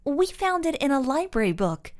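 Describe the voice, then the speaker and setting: A woman's voice: high-pitched, very animated, moderate pace, darkish tone, pitched above the performer's own voice. Carol, a woman playing an eager young girl. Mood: insistent. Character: earnest, insistent young detective girl.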